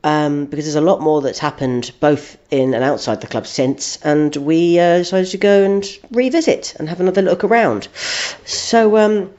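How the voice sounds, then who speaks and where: A man's voice: fairly high pitch, moderate pace, a little mellow. A man co-hosting a podcast, playing along with a made-up story in a hesitant, dry way. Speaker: podcast co-host. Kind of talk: comic storytelling. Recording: dull lo-fi recording.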